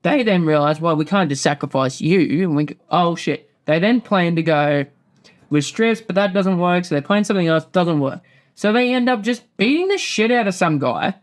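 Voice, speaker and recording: Man, high-pitched, casual host, swears a lot, rambling recap. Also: lively intonation, moderate pace. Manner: rambling, swears often, acts out quotes. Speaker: podcast host.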